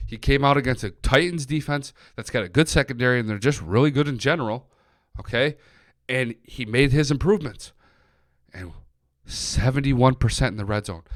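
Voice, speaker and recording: A young man hosting a sports podcast livestream, excitably swearing as he rattles off team stats and reads chat. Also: mid-range voice, no room sound, studio quality. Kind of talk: solo sports talk livestream.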